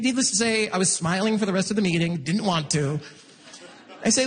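A man doing stand-up in a very high, lively voice that swings wide, sharpening into excited voices for the people he quotes. His tone is husky, and the sound carries the long reverb of a large hall. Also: fast. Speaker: stand-up comedian. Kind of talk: stand-up storytelling.

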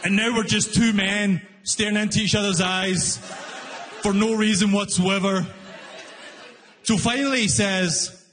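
High-voiced man doing stand-up in a hall. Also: unhurried, long pauses. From outside Canada, newly arrived. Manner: animated storytelling, acts out both sides in raised shouting voices. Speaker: stand-up comedian. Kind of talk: stand-up comedy set. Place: live comedy venue with long reverb. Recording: live hall reverb, faint room noise. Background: audience laughter.

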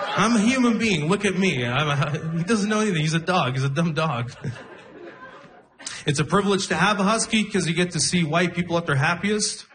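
Man, stand-up comic, higher voice, wry self-deprecating storytelling, live room with audience laughter. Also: a little fast, fairly bright tone, slight background noise. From Arab region. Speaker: stand-up comedian. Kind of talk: stand-up comedy set. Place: comedy stage with a laughing audience.

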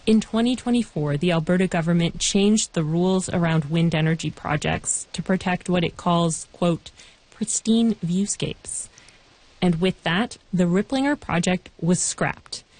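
A woman reporter giving measured, clearly scripted documentary narration. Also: on the low side, darkish tone, dry recording, poor audio. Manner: measured, clear storytelling delivery.

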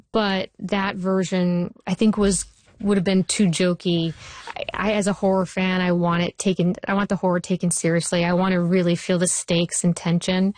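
A woman who works as a television writer and showrunner, talking in an interview with animated, anecdotal storytelling. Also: lowish voice, no echo. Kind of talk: interview conversation.

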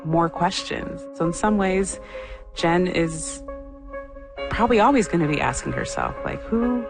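A woman's voice: fairly low pitch, lively intonation, a little slow, vocal fry, over music. Reflective woman co-hosting a podcast. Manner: reflective, gently probing. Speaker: podcast co-host. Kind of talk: conversational interviewing.

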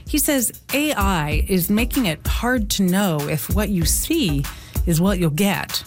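A female reporter reading a scripted news feature in a measured storytelling delivery. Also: mid-range voice, expressive, music in the background.

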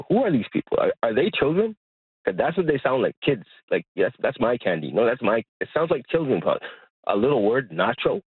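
A man's voice: husky, no echo. A man from Montreal calling in to a radio show, ranting angrily and repeating himself in disbelief. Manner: exasperated, repeats himself, rising pitch in disbelief. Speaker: caller. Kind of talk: angry call-in rant. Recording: tinny phone line.

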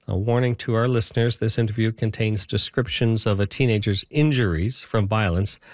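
A man reading the morning radio news in a measured, formal way. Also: mid-range voice, no room sound. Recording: dry close studio sound.

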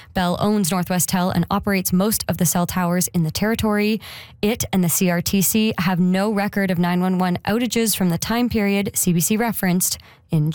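A woman news anchor reading a regional radio newscast in a steady, measured way. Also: medium pitch, dry recording. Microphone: studio microphone.

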